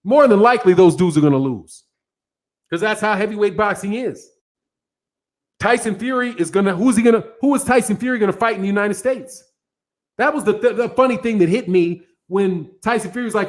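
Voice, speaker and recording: Boxing channel host, middle-aged man, high-pitched voice, casual animated reaction commentary, repeats himself and talks straight to the viewers. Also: brisk. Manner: laughs often between points.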